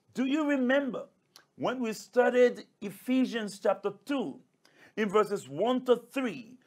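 High-voiced, slow-preaching male pastor. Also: slightly rough. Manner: emphatic, repeats key phrases; calls listeners brothers and sisters. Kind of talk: sermon.

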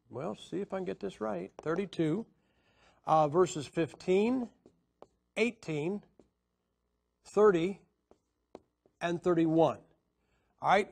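A man's voice: high-pitched, creaky. A man teaching a Bible class in a lecture style, asking his listeners questions and counting out syllables for emphasis. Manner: emphatic, asks the audience questions.

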